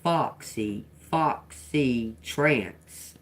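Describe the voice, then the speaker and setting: A woman's voice: low-pitched, animated, takes it slowly, long pauses, a little hiss or hum. A woman doing a live-streamed tarot reading, sounding out single words as she muses on them, then breaking into chatty, profane asides with laughter. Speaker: tarot reader.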